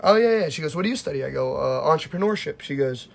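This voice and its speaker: A young man hosting a casual podcast, telling stories with lively acted-out quotes and plenty of swearing. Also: mid-range voice, fast, gravelly. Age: young adult. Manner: animated storytelling, acts out quotes, swears freely. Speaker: podcast host. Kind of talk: casual chat.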